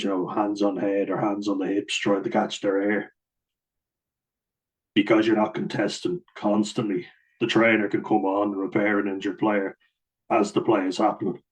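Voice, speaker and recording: A low-pitched man chats bluntly about the game with the ease of someone who has played it. His delivery stays fairly level and even, with little rise and fall. He drops in the odd swear word and a quick laugh, the way he would talking with mates. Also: poor audio. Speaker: host and rugby player. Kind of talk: casual commentary on rugby rules.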